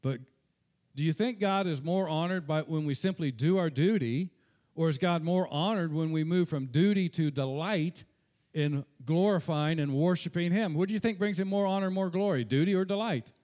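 A man's voice: on the high side, normal speed, a little mellow. A pastor preaching a sermon in an earnest tone, slipping into casual asides and repeating words when he speaks off the cuff.

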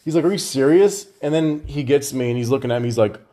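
A man's voice: mid-range voice, fairly even intonation, fast talker, warm tone. A man on a casual podcast telling a fight story with lots of swearing and laughter. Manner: profane storytelling, laughing through anecdotes. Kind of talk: casual chat.

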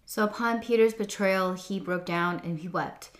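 Earnest woman reading a devotional. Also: lowish voice. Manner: earnest, reflective, measured. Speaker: devotional speaker. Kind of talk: scripted devotional reflection.

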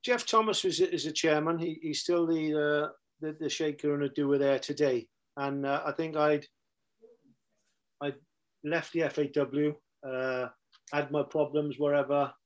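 Guesting on a podcast, this middle-aged ex-football manager spins blunt stories from the game, often saying the same phrases again. He talks unhurriedly in a steady tone that sits on the high side.

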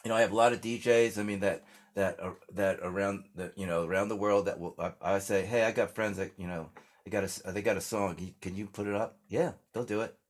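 Brief: older American man, lowish voice, loose rambling storyteller, interview guest. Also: steady tone, fast. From United States. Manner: rambling storyteller, many restarts and fillers. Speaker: singer-songwriter guest. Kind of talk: casual interview chat.

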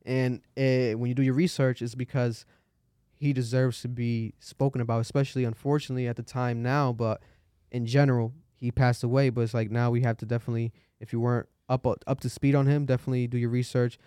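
A man hosts a podcast, riffing casually on the news with plenty of swearing. He gets animated and jumps way up in pitch whenever he mimics someone. The sound is close and dry, with little room around it. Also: quick pace, clear, resonant tone, no echo. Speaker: podcast host.

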